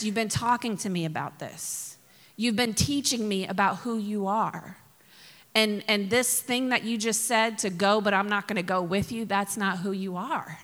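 A woman's voice: mid-range voice, a bit bright, long reverb tail, natural voice. A woman preacher voicing Moses as an earnest man who pleads and reasons with his God.

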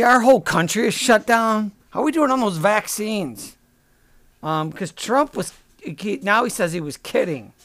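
A man's voice: high voice, a bit bright, no room sound. A man hosting a comedy podcast, delivering a sarcastic, profane, rambling rant. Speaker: podcast host.

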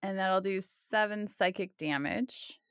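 Upbeat female player, slow and easy delivery, dry close mic. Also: medium pitch, clear, resonant tone, no room sound. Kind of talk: casual tabletop game play.

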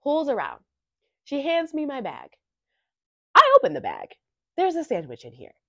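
A woman podcast host telling a casual story in an animated, chatty way, full of rhetorical asides. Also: high voice, moderate pace, gravelly, no room sound. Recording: dry, slightly muffled lo-fi recording.

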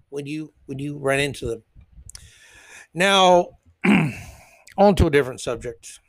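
A man's voice: a little high, dry recording. A man hosting a solo commentary podcast, sarcastic and rambling with blunt asides. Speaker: podcast host.

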